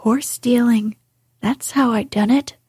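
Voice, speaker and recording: A woman's voice: fairly high pitch, steady tone, measured pace, dark tone, husky, dry recording, studio quality. Woman whispering as a boastful toad. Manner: boastful and sarcastic. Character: boastful conceited male toad. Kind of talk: whispered role-play.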